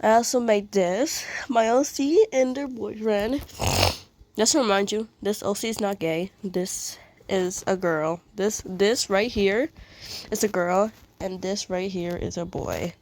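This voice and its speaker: A sick, sniffly woman talks slowly through her art in a casual vlog. Her voice sits at a middling pitch, and she rambles and apologizes often, with little giggles between her remarks. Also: darkish tone. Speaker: vlogger showing her fan art. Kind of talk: casual showcase chat.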